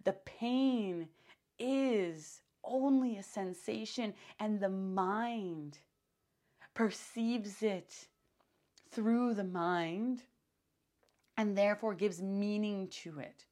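A young woman hosting her own podcast, talking in a loose, rambling monologue full of fillers and restarts, and getting animated when she retells her own thoughts. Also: medium pitch. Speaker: podcast host.

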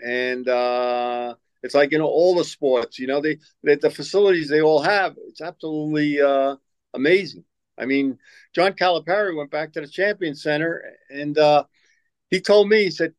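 Older man telling stories, higher voice. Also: moderate pace, no echo, low-quality recording. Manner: rambling, repeats words, acts out quoted lines. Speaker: former college basketball coach. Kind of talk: storytelling interview answers.

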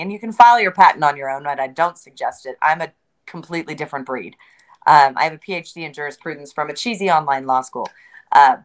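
Interview guest, woman, lower-pitched, emphatic and wry, repeats key words. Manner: joking, conversational. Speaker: interview guest, crypto entrepreneur. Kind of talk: casual interview.

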